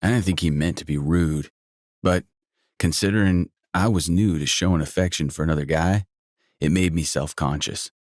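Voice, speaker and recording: Deep-voiced male audiobook narrator. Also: moderate pace, a little mellow, no echo, studio quality. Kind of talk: first-person audiobook narration.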